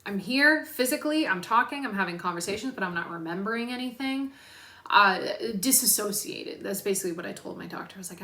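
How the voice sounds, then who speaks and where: Young adult woman, bright and crisp, candid vlog chat with casual swearing, echoey room. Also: medium pitch, expressive, fast talker. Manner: frank, swears freely, many fillers. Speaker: personal trainer and vlogger.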